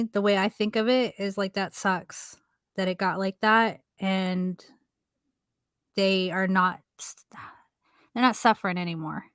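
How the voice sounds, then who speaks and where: A woman's voice: mid-range voice, clean tone, no echo, clean studio sound. A woman in her thirties co-hosting a casual chat podcast, speaking earnestly and frankly, with some swearing. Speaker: podcast co-host.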